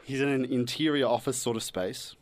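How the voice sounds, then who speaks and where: A man's voice: mid-range voice, fairly even intonation, fairly quick. A young man hosting a radio show in playful, teasing banter, drawing out suspense. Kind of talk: casual studio banter.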